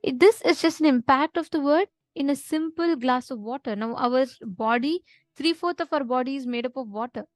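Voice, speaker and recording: A woman's voice: sits high, moderate pace, no echo. A woman leading a live online spiritual teaching session, explaining patiently and often checking in with her listeners.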